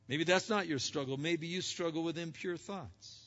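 A man's voice: on the high side, normal speed. Emphatic male preacher in echoing hall. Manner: emphatic, dramatic swings between loud and hushed. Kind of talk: sermon. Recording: dull sound with long hall reverb.

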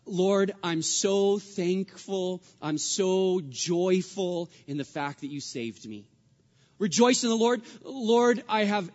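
Male pastor, high voice, emphatic sermon delivery with hushed refrains; muffled, echoing sanctuary recording. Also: breathy edge. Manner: emphatic, repeats refrains, swings between loud and hushed. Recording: dull sound with long hall reverb.

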